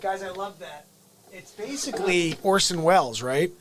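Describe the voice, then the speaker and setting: A man's voice: sits high, expressive, moderate pace, a crowd in the background. A man hosting a live comedy stream, joking energetically and talking to his chat viewers.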